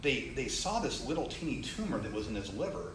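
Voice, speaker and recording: A man casually telling a story, acting out the people he quotes, with growing excitement. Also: mid-range voice, brisk. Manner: animated, acts out quoted people, rising excitement. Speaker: storyteller sharing a testimony. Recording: roomy echo, faint ambient noise.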